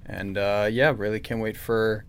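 A man's voice: fairly low pitch, little pitch movement, unhurried, vocal fry, smooth. A man co-hosting a podcast, recapping a comic plot in casual chat with frequent filler words. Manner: recapping plots with many "uh" fillers. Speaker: podcast co-host.

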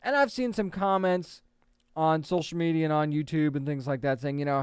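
A man's voice: fairly high pitch, brisk, clean tone, no room sound, studio quality. Chatty man giving entertainment news commentary. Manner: chatty, opinionated, animated. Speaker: podcast host.

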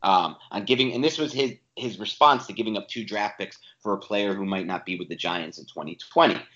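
A man's voice: lowish voice, a little fast, a bit bright, echoey room. Emphatic man ranting about sports. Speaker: sports podcast co-host. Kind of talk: casual sports talk. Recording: dull lo-fi audio.

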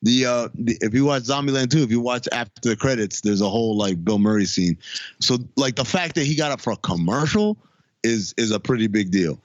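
A man's voice: medium pitch, brisk, no echo, muffled recording. A man hosting a casual podcast chat, leading the segments in a blunt, joking way. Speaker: podcast host.

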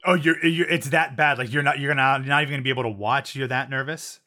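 A man's voice: medium pitch, fairly even intonation, fast talker, pushed and bright. A man co-hosting a podcast in casual chat, chatty and joking, often restarting his sentences. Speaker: podcast co-host.

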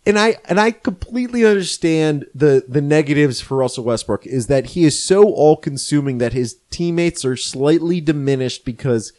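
A man's voice: on the high side, moderate pace, hardly any pauses, a little mellow. A man co-hosting a casual sports podcast, earnest and strongly opinionated. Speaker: podcast co-host. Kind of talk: casual chat.

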